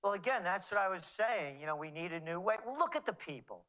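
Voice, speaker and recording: A woman's voice: lowish voice, lively intonation, fast, a bit bright, a little hiss or hum, low-quality recording. A woman commentator in heated political chat, sarcastic and mocking as she talks.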